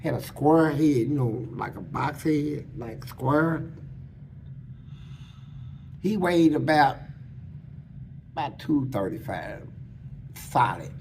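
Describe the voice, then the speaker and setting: A man's voice: mid-range voice, expressive, slow pace, pauses often, a little mellow, a little hiss or hum. A man as an interview guest, telling stories in casual, blunt and crude street slang, acting out other people's lines as he goes. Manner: acts out other people's lines mid-story. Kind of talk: casual storytelling about prison life.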